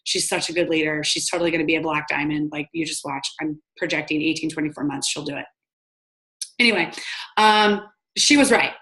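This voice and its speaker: Young woman doing a casual team training call, chatty, fast, lots of "like", acts out phone calls. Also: sits low, pushed and bright. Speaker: network marketing team trainer.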